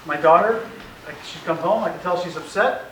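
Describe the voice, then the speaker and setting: A man's voice: high voice, a little fast, fairly bright tone. A middle-aged man giving an informal, anecdotal presentation to parents, acting out family conversations and chuckling often. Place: meeting room with an audience. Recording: roomy echoey room, faint hiss, mic far off.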